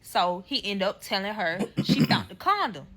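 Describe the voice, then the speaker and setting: A woman's voice: medium pitch, very animated, moderate pace, fairly bright tone. A young woman telling a story time vlog, profane and emphatic, acting out quotes. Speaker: storyteller in a clip.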